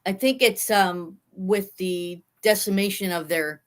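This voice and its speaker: A woman's voice: medium pitch, a little slow. A woman co-hosting a casual sports podcast, earnest and opinionated, often restarting her sentences as she thinks.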